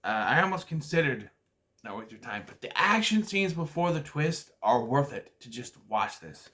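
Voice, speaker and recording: Man, movie review vlog, rambling, lively pitch, casual delivery. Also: moderate pace. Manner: rambling, hesitant, many restarts and acted-out quotes.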